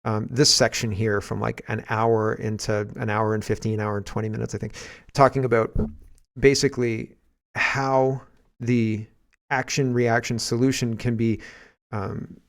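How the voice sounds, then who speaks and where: A man with a Canadian accent hosting a casual political commentary podcast, rambling and animated, breaking into shouts when he acts out scenes. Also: mid-range voice, measured pace, gravelly. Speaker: podcast host.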